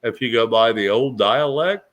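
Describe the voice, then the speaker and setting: Bright-voiced man hosting a call-in. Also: mid-range voice, moderate pace. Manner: friendly, joking, greets callers. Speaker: livestream host. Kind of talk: casual call-in chat.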